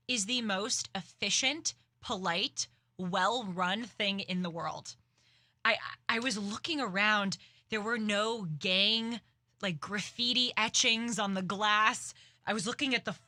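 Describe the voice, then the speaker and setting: A young woman hosting a commentary show, telling a story in an animated, dramatic, self-aware way. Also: medium pitch, no room sound. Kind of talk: casual political commentary.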